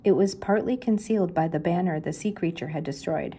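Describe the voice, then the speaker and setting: A woman's voice: lowish voice, normal speed, hardly any pauses, dark tone, slight background noise. An older woman, a grandmother, reading a children's mystery book aloud and lifting her voice for the characters' lines.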